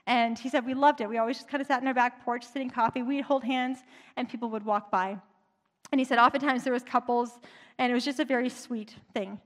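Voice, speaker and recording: A woman's voice: a little high, steady tone, brisk. A woman preacher retelling a story in a chatty, conversational sermon, in a church. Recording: long reverb in a large hall.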